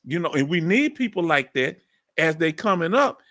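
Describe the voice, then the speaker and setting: A middle-aged man with a strong Southern accent from Texas, loudly and folksily chatting live with his viewers as host. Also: on the high side, sing-song, moderate pace. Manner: loud and folksy, reads out viewer comments. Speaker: livestream host. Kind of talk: casual live chat with viewers.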